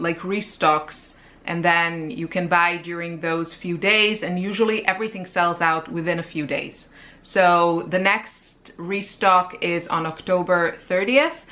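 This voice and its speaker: A woman hosting an art channel talks through her gift picks in a relaxed, chatty way. Her voice sits a little low yet sounds bright and forward. She pokes fun at herself and laughs easily. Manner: chatty, self-deprecating, laughs often. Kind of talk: casual chat.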